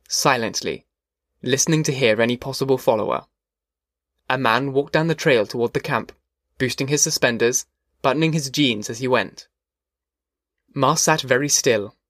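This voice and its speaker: A man reading a novel aloud as an audiobook narrator, measured and steady. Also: mid-range voice, no room sound, clean studio sound.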